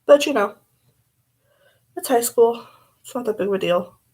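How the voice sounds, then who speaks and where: A woman's voice: fairly high pitch, expressive, normal speed, a little mellow, husky, rough recording. A young woman vlogging casually as she does her makeup, blunt and rambling, swearing freely.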